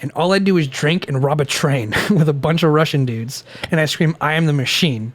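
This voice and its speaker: A man's voice: a little high, a little fast. A young man co-hosting a casual podcast over beers, rambling with frequent laughs and restarts. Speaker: podcast co-host.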